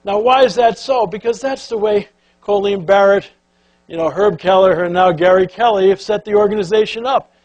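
An older man giving a folksy, animated storytelling speech to an audience, acting out voices as he goes. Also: sits high, a little fast. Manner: animated, folksy, acts out quotes and quacking sounds. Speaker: keynote speaker.

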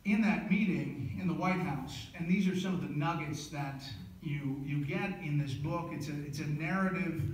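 A man's voice: on the high side, normal speed, few pauses. Man lecturing in an echoey chapel. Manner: animated storytelling with frequent fillers and restarts. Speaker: author giving a book lecture. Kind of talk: storytelling lecture. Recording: echoey hall, voice from a distance.

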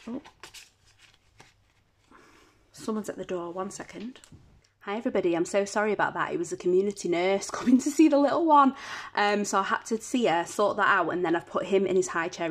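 A woman chatting casually at home as a budgeting vlogger, counting banknotes aloud in a steady patter. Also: medium pitch, fast. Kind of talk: casual chat while counting cash.

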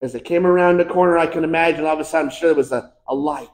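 An American pastor preaching a fervent sermon, swinging between shouted climaxes and hushed, quiet lines. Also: male voice, on the high side, rapid-fire, hardly any pauses. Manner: impassioned preaching, building to shouts and dropping to hushed tones. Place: church sanctuary. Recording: echoey church room.

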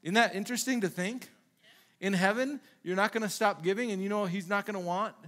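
High-voiced man preaching conversationally. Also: brisk, fairly bright tone. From Minnesota. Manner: conversational preaching, frequent rhetorical questions and acted-out quotes. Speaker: pastor. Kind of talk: sermon.

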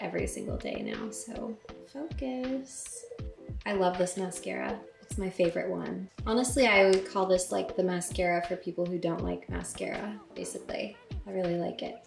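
A young woman chats about her makeup in an easy, excitable way, full of little fillers. Her voice sits at a middling pitch and bounces around an echoey room, with background music playing throughout. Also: vocal fry. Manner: chatty and excitable, filler-heavy. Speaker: beauty vlogger. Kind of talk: casual chat to camera. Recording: roomy echo with music over it.

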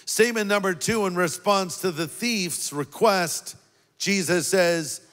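A man preaching a sermon as a pastor, earnest and deliberate, leaning on key words. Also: high voice, fairly bright tone, long reverb tail, faint music behind.

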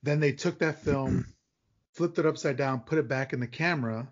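A man with a husky, mid-pitched voice hosts a casual podcast chat. He eagerly explains film trivia to his guest. The audio is dull and lo-fi. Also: normal speed. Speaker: podcast host.

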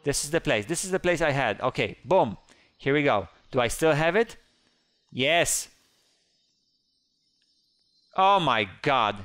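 A man giving excited, playful game commentary who squeals up high whenever he panics. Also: measured pace, pauses often, no echo. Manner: squeals high when panicked, playful kid-friendly banter. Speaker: gaming YouTuber.

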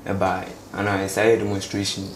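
A young man from Ghana telling his story in a casual street interview, speaking haltingly and mixing English with local words. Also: low-pitched, monotone. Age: young adult. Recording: echoey space with faint background noise.

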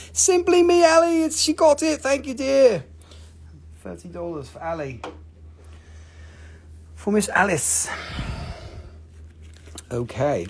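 A man's voice: mid-range voice, warm tone. A man hosting a live mineral sale, chatting casually with viewers, joking and teasing as he shows each piece. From Appalachian region of the United States. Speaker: host selling minerals on a livestream. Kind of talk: casual live sales chat.

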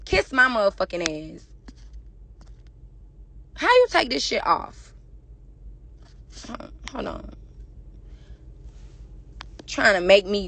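A woman's voice: mid-range voice, a bit bright, slight background noise. A young woman in an angry social media rant, defiant and profane, firing insults at her critics. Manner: rapid-fire insults directed at critics. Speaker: rapper addressing fans.

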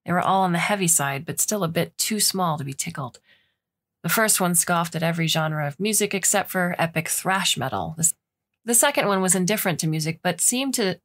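Woman narrator, story reading, low voice, gravelly texture, expressive. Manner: expressive, acts out dialogue.

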